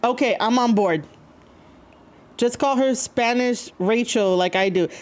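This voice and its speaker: A woman's voice: on the high side, measured pace, darkish tone. A woman streaming live, chatting casually to her viewers with many fillers, rambling and reading chat messages aloud. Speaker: streamer reacting to wrestling.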